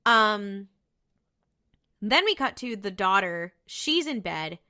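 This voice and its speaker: A woman's voice: mid-range voice, very animated, slow, pushed and bright. A woman co-hosting a podcast, casually recapping a TV episode, chatty and cursing freely as she quotes the characters. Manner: chatty, swears freely, retells scenes with quoted voices. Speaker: podcast co-host.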